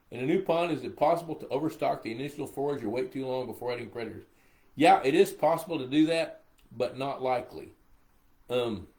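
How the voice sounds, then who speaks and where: A man's voice: medium pitch, darkish tone. Older male host, drowsy and meandering, live Q&A tone. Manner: rambling, reads viewer questions aloud, easily sidetracked. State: sleepy. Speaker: pond management expert hosting a live Q&A. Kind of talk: casual live-stream Q&A.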